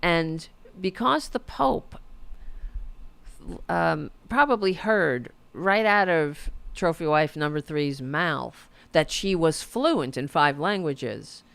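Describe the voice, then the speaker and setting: A woman hosts a casual political talk show with a gravelly, fry-laden voice that rises and falls a great deal. She talks slowly and sarcastically, mocks her targets and swears freely. The sound is dry and close. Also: deep voice, animated, fairly bright tone, dry recording. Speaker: podcast host.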